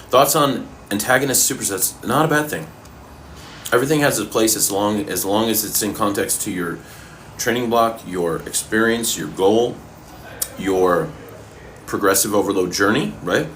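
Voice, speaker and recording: A man coaching fitness and answering viewers' questions in a relaxed, casual way while eating, sometimes talking with his mouth full. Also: deep voice, slight background noise. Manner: relaxed, talks with his mouth full, pauses mid-sentence.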